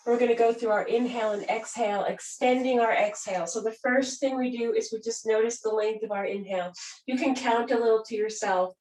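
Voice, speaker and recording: A woman teaching a gentle yoga and breathing class, guiding calmly and softly. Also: a little high, fairly quick. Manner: calm, gentle, soothing guidance. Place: room where she does yoga on a mat. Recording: roomy sound from a distant mic.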